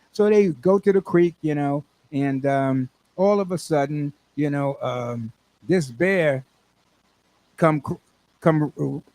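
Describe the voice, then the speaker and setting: A man's voice: a little high, expressive, unhurried, a little mellow, no room sound. A man hosting a radio show, rambling and laughing at his own jokes. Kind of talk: radio talk and joke telling. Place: radio studio.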